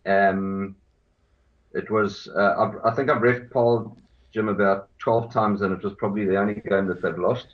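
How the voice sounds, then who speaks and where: A man's voice: lowish voice, fairly even intonation, moderate pace. A man, a former rugby referee, talking as a guest over a video call, hesitant with many fillers. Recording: dull lo-fi video call audio.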